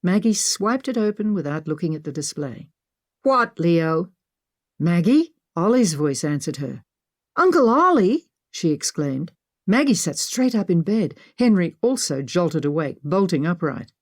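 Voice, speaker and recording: A woman narrating an adventure audiobook in a measured storytelling manner. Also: sits low, expressive, mellow, no room sound, studio quality. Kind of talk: scripted narration.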